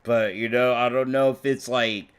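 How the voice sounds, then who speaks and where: A man's voice: medium pitch, fairly even intonation, moderate pace, smooth. A man from the United States commentating on a live stream, ranting at chat in a profane, rambling, confrontational way. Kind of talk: heated live-stream rant.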